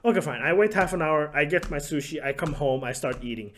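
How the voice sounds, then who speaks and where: A man's voice: a little high, a little fast, a bit bright, a little hiss or hum. A man telling a story in a casual vlog, sarcastic and profane, laughing often. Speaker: YouTuber.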